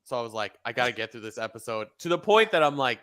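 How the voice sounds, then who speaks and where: Male podcast co-host, bright, smooth voice, loose and rambling. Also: mid-range voice, very animated, fast talker. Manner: rambling, laughs often. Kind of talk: casual chat.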